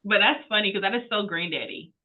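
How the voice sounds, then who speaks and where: A woman's voice: medium pitch, quick pace. A woman co-hosting a casual chat, cutting in with teasing remarks and laughter. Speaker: podcast co-host. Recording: tinny phone-like sound.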